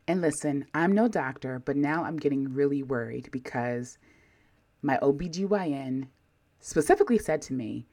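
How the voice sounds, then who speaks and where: A woman telling a personal story to camera in a sassy, animated way. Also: sits low, normal speed. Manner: animated, sassy, talks straight to viewers.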